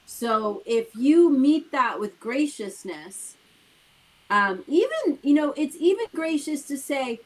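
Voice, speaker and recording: Speaking slowly in a high, sing-song voice, a woman co-hosting a talk show delivers a casual motivational talk. She lays out her ideas in a conversational way, using rhetorical questions to drive them home, over a rough recording.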